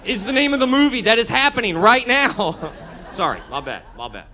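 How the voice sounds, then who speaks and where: Guy doing standup in a club, high voice, lively and chatty with the crowd. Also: moderate pace. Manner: energetic, conversational, frequent laughs and restarts. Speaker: stand-up comedian. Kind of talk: stand-up comedy set with crowd work. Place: comedy club stage.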